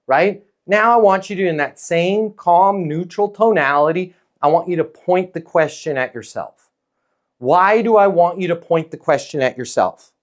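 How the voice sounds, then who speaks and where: A man coaching leasing teams in a relaxed training talk, his voice sitting slightly high. He keeps a calm, neutral, non-pushy tone and checks in with listeners constantly. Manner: coaching, peppered with "okay?" and "right?" tags.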